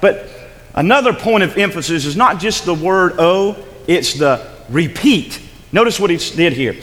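A man preaching with a high voice that swings widely in pitch. His delivery is emphatic and full of repetition, and he acts out the scripture he reads. The sound carries a long reverb, like a big church hall. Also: expressive, moderate pace, fairly bright tone. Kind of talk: sermon.

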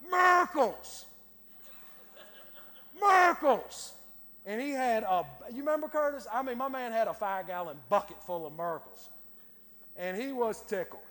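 A man preaches a sermon in a folksy, storytelling way, full of country turns of phrase. His voice sits high for a man. It rings with the long reverb of a church sanctuary. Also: fairly bright tone. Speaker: pastor.

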